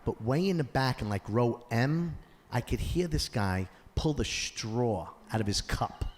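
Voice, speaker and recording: A man doing a stand-up comedy set on a theater stage, acting out characters and shouting his punchlines. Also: mid-range voice, expressive, measured pace. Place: theater stage before a live audience. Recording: roomy hall sound with audience noise. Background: audience laughter.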